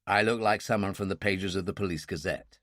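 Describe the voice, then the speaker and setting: A man narrating a first-person thriller audiobook in a dry, measured, wry way. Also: low voice, a bit bright, no echo.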